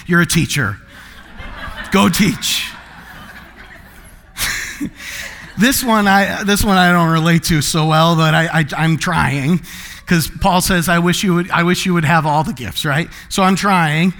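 A man preaching a sermon, his voice pitched high for a man. He keeps it light and playful, slipping into quick comic voices to make his points. His tone is bright and forward throughout. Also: slight background noise. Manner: laughs often between points. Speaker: pastor.

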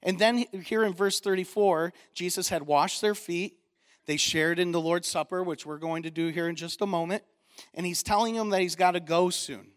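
A man preaching a sermon as pastor, animated and building in intensity on key points, with casual asides to the congregation. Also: sits high, normal speed.

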